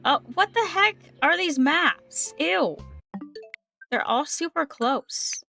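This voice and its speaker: A woman's voice: sits high, animated, slow pace, vocal fry, pushed and bright, faint music behind. A young woman livestreaming a game, chatting casually and upbeat with her viewers, sometimes tripping over her words. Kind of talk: casual chat with live chat while gaming.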